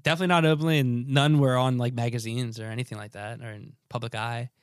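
A man in relaxed podcast banter at a middle pitch, laughing easily and letting sentences trail off. His voice sits close and dry, with no room around it. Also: fast talker, clean tone, no echo. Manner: laid-back, laughs often, trails off mid-sentence. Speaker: podcast co-host. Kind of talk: casual chat.

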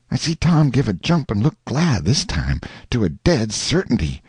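A male audiobook narrator telling a story in a folksy, lively first-person style. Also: medium pitch, normal speed, few pauses, breathy edge, no room sound.

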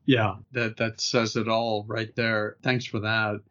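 Slow-talking male interview host. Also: fairly low pitch, level tone, fairly bright tone, highs cut off. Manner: unhurried, reads quotes before asking. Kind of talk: podcast interview questions.

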